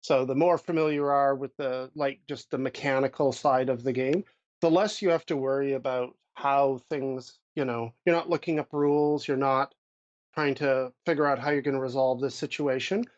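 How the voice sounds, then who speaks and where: A man's voice: medium pitch, steady tone, highs cut off. A man co-hosting a podcast, chatting casually about running tabletop games, with many thoughtful restarts. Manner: thoughtful, restarts a lot, drifts loose and slow. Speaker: podcast co-host, game master.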